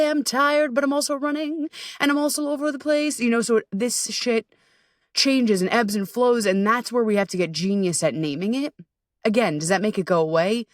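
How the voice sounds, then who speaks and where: A woman hosting a podcast, talking candidly and casually, swearing freely and laughing at herself, sometimes jumping into high voices for her inner thoughts. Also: no room sound, studio quality, far from the mic. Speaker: podcast host. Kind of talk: casual confessional monologue.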